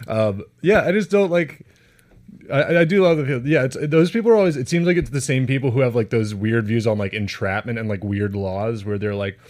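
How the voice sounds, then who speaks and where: A man with an everyday middle-pitched voice, chatting easily in a comedy conversation. He laughs through his sentences and slips into little acted-out quotes to make his point. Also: a little fast, darkish tone. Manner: laid-back, laughs a lot, acts out quoted bits. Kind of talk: casual comedic chat.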